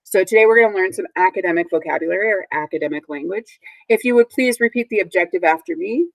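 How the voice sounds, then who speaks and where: A woman teacher giving a recorded vocabulary lesson to young children, speaking patiently and clearly and repeating each word for the class to echo. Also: fairly low pitch, animated, fast, hardly any pauses. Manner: patient, clear, models words for repetition. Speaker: third grade teacher.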